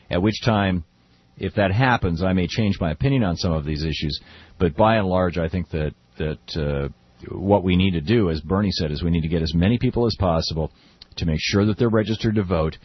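A man hosting a political call-in radio show, opinionated and quick, often restarting his sentences. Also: low voice, slightly rough, no room sound, muffled recording. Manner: opinionated, fast with frequent restarts. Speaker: radio talk show host.

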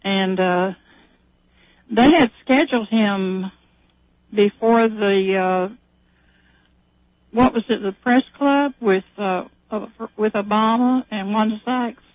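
A woman's voice: medium pitch, slow, pauses often, no echo. Woman rambling over a tinny phone line. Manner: rambling retelling with many fillers. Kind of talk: casual chat.

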